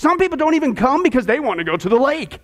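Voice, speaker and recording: A high-pitched man teaching a discipleship class. He tells vivid stories, throws rhetorical questions at the class and slips in humorous asides. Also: fast. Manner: animated storytelling, rhetorical questions.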